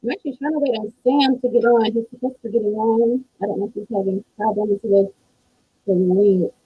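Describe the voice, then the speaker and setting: A woman singer hosting a live stream in casual, chatty talk, effusive and quick to laugh. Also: a little high, steady tone, husky, dry recording. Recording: dull lo-fi live-stream audio.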